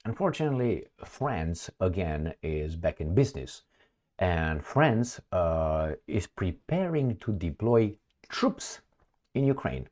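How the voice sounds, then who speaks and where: A very deep-voiced man talks straight to his viewers in a loose vlog commentary. He rambles and mocks, breaking off into asides and chuckles, and his tone stays sarcastic throughout. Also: slow pace. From Romania. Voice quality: sarcastic, mocking. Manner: rambling, animated, frequent fillers and laughs. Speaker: political commentary vlogger.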